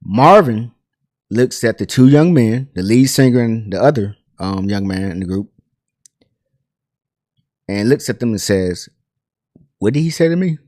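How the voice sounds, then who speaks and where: A man hosting a pop culture commentary channel, telling a story in a chatty, animated way full of asides and fillers. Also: lowish voice, unhurried, pauses often, no room sound, clean studio sound. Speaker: host.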